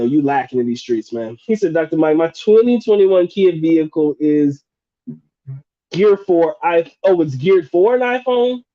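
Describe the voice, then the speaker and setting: A man's voice: a little high, no echo, dull audio. A man hosting a live Q&A stream, reading out chat questions in a casual, joking, slangy way with frequent laughs. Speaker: livestream host answering chat questions.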